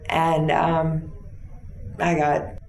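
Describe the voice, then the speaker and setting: A woman interview guest retelling a personal story in a plain, halting way with fillers. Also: sits low, monotone, a little mellow, roomy sound, a little hiss or hum.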